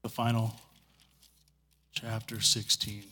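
A man's voice: fairly low pitch, completely flat delivery, slow, sharp tone, husky. A middle-aged man preaching in a church, telling stories in a conversational way and pleading earnestly with the congregation. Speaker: pastor. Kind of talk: sermon. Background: guitar playing.

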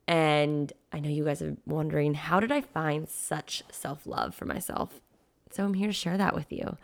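A young woman with a notably low voice talks alone on her podcast as a mindset coach. She speaks earnestly and warmly encouraging, with a heartfelt, personal tone. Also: creaky. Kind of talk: solo motivational podcast talk.

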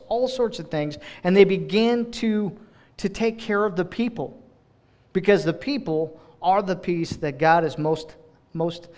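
Expressive preaching man, higher voice. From United States. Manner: expressive preaching, acts out voices in quotes, restarts often. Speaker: director of global partnerships speaking in church. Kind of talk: sermon.

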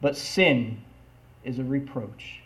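A man preaching a sermon, reading scripture aloud and asking the congregation "Amen?" between slow, emphatic lines. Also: medium pitch, fairly bright tone.

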